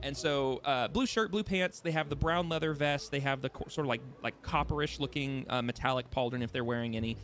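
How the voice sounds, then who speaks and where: A man's voice: mid-range voice, a little fast, few pauses, a bit bright, slight background noise. Hesitant man narrating as game master. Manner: hesitant, many ums and restarts, descriptive.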